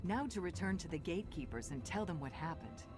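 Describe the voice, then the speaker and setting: An actor doing a game's unseen quest narrator, telling the scene in a measured, storytelling way. The line sits in game audio with music running clearly underneath. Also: medium pitch, animated, lightly acted.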